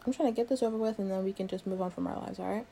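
A woman's voice: mid-range voice, steady tone, rapid-fire, gravelly, warm tone, slight background noise. A young woman in a one-sided role-play, playing a sarcastic, exasperated coworker who swears a lot. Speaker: coworker doing a project with the listener.

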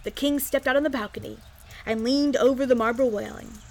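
High-voiced woman reading a storybook aloud. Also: fairly quick. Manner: expressive, lively.

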